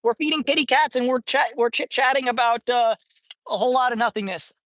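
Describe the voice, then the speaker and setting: A man's voice: extremely high pitch, a little fast, fairly bright tone, no room sound. A young man hosting a casual livestream outdoors, playful and joking as he greets viewers. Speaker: livestream host feeding stray cats. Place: outdoors at a cat colony.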